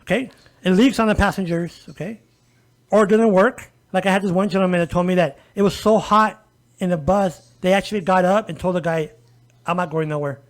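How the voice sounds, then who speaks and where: A man's voice: sits high, a little fast. A man speaking as a guest advocate in a conversational podcast interview, emphatic and often turning to listeners with "folks" and "okay?". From El Paso area, US.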